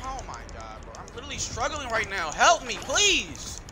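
A man giving excitable gameplay commentary, yelling and complaining in slangy talk. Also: high-pitched, moderate pace, background noise. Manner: slangy, frequent "bro". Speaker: gamer.

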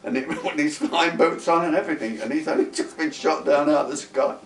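A man, telling wartime memories in a lively, folksy way with plenty of asides. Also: a little high, a little fast, a little hiss or hum. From London, England. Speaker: interviewee, wartime veteran. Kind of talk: casual spoken recollection. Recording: roomy, distant mic with faint guitar music.

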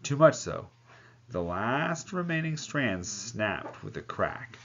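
A man's voice: medium pitch, very animated, slow, a bit bright, a little hiss or hum. A man reading a novel aloud, voicing the characters and breaking off now and then to comment. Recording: dull lo-fi sound.

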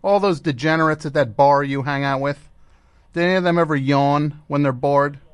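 Sarcastic radio host, dry studio sound. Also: male voice, on the high side, normal speed, clean tone, no echo. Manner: sarcastic, mocking, laughs often. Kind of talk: comedic radio commentary.

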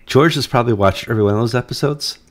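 A man's voice: mid-range voice, racing. A man hosting a church news show, casually bringing up stories and tossing in quips. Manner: easygoing, leading the talk with quips. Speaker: news show host and reporter.

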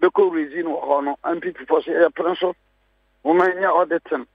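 Man, Ghanaian accent, husky, emphatic, repeats phrases, dry muffled studio sound. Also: fairly high pitch, fairly even intonation, brisk, no echo. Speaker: political guest. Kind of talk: heated radio panel talk.

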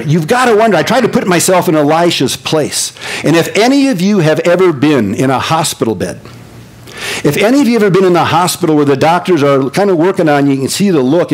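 Animated older male pastor preaching. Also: rough recording. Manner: animated storytelling, swings from excited high voice to low hushed earnestness. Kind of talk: sermon.

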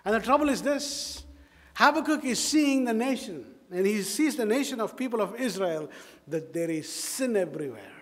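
A man's voice: high-pitched, animated, normal speed. A man with an Indian English accent preaching a sermon as pastor, emphatic, repeating phrases and putting questions to the congregation. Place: church sanctuary. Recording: long reverb of a church hall.

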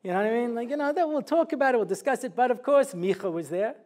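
A man's voice: extremely high pitch, fast. A man giving a humorous sermon lecture as a rabbi, telling stories and acting out the quotes with jokey asides. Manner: animated storytelling, acts out quotes, jokey asides.

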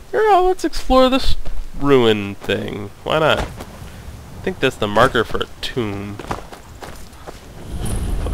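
Goofy, animated gameplay commentator man. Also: medium pitch, vocal fry, a little hiss or hum. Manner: goofy, joking, self-mocking. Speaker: let's play gamer.

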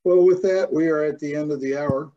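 A man's voice: on the high side, brisk, crowd noise. A man from Florida who hosts a casual author chat, speaking in an easygoing way. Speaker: host. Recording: dull lo-fi audio.

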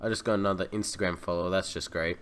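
A man's voice: deep voice, steady tone, rapid-fire, fairly bright tone, a little hiss or hum. A man playfully chatting and laughing while playing a video game at home. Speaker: gamer co-host. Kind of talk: casual gameplay chat.

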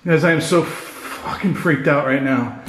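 A scared man talks to his camera while alone in an empty house, his voice set a little high for a man. He swears, repeats himself and sounds shaky throughout. The bare rooms give his voice a strong echo. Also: unhurried, noisy background. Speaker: paranormal vlogger. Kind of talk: solo ghost-hunting vlog. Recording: echoey empty room.

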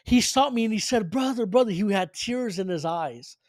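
A man's voice: sits high, expressive, moderate pace, no echo, studio quality. A man preaching, earnestly telling a personal faith story with frequent restarts and fillers. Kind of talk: sermon testimony storytelling.

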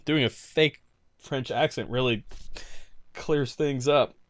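A man's voice: medium pitch, slow pace, no room sound. A man hosting a casual game playthrough, reading along and tossing in wry, profane asides. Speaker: let's play host.

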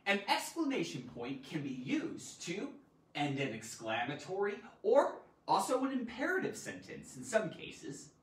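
A woman teaching a live online grammar lesson, animated and theatrical, with loud exclamations. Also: on the low side, measured pace, echoey room, far from the mic, low-quality recording.

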